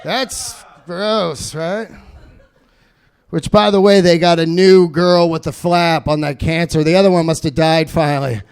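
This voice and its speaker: A man doing a loud, profane stand-up set, ranting. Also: on the high side, steady tone, a little slow, smooth. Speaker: stand-up comedian.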